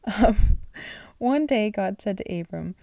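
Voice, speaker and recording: A woman's voice: mid-range voice, lively intonation, slow pace, gravelly, no room sound, clean studio sound. Sleepy woman reading a bedtime story. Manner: sleepy, yawning, apologizes often, stumbles over names; gentle, unpolished reading with restarts. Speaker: channel host reading aloud.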